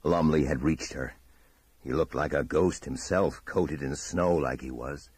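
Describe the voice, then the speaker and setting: A man reading a horror audiobook in a measured, dramatic storytelling manner. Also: extremely low pitch, darkish tone, slightly rough, no room sound. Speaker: audiobook narrator. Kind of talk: scripted horror narration.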